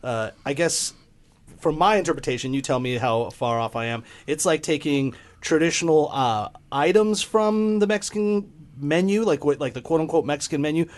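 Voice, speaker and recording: A man hosting a podcast, asking guests questions in a relaxed conversational way. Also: on the high side, normal speed. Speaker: podcast host. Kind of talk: casual interview.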